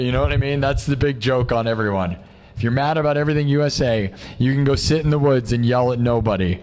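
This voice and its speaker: Hosting a live music stream, this young man from the United States rants brashly and casually to his viewers, tossing around "dude" and "bro." His voice is medium-pitched and a little mellow, with slight hiss or hum in the recording.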